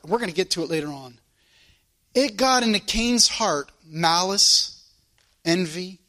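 A man's voice: fairly high pitch, sharp tone. A man preaching a sermon and leading a closing prayer, with a fervent, repetitive preaching cadence. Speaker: pastor.

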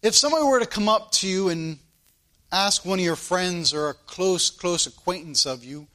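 A man's voice: high voice, fairly bright tone. A man preaching a sermon in an earnest, questioning way, often repeating his phrases.

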